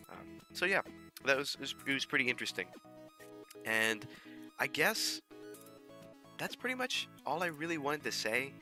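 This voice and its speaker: A man talks casually about making his fan audio drama, in a somewhat low voice with a strikingly bright, forceful edge. He rambles and restarts often, leaning on fillers as he goes. Faint music plays beneath his voice. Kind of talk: casual behind-the-scenes talk.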